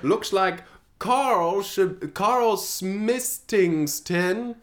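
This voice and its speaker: A man's voice: sits high, very slow, voice pushed up. A man voicing a flustered, startled nun in an improvised comedy story. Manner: startled, exclaiming.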